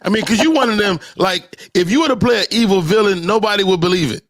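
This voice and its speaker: A man's voice: high voice, fast talker, fairly bright tone, no echo, clean studio sound. A man hosting a comedy podcast, joking and teasing his guests in casual banter. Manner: joking, teasing, drops into sing-song lines. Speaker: podcast host.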